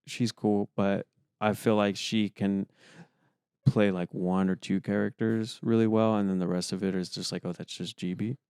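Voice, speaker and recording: Rambling through casual chat with lots of fillers, a young podcast co-host talks at normal speed in a lowish, level voice. The tone is a little mellow, clear and resonant, with clean studio sound and no echo.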